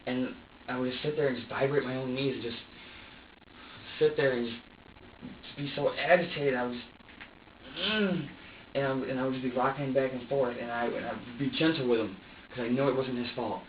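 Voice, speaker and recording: A suspect in his twenties, being interviewed by police, speaks in an agitated, rambling, profane way, restarting his sentences again and again. His mid-range voice is fairly even and a little fast, picked up from a distance by a room camera across a roomy interview room. The audio is dull and lo-fi with a faint hiss.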